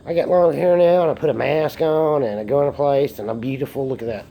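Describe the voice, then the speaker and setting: A man's voice: medium pitch, fairly even intonation, quick pace, creaky, lo-fi sound, slight background noise. A man, a bit tipsy from beer, rambling and joking through a casual monologue recorded on a phone and swearing often. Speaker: vlogger.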